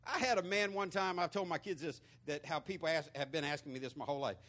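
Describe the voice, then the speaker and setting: A man's voice: a little high, fast talker, a bit bright. A man from Florida with a Southern twang, preaching a conversational sermon in a folksy, storytelling way full of repeated words. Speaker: pastor.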